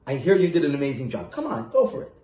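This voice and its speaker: A man voicing a kindly, jovial elderly rabbi who speaks gently and coaxingly with a smile. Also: a little high, big pitch swings, fast talker, roomy sound. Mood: delighted.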